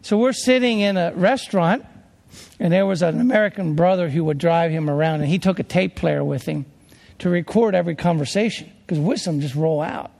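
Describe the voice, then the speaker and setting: Gravelly high-voiced pastor in a hall. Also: male voice, a little fast, darkish tone. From Pennsylvania. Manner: earnest, conversational, with restarts. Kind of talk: sermon storytelling.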